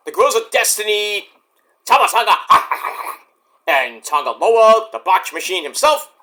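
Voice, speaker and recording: A young man giving a casual, rambling wrestling event review, excitable and profane, with sudden shouts. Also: high-pitched.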